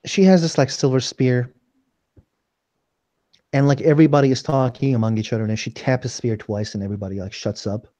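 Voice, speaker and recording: A man's voice: mid-range voice, fairly even intonation, fairly quick, dark tone, dry recording. A young man running a tabletop role-playing game, narrating casually with lots of fillers. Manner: casual, rambling, many fillers. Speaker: game master.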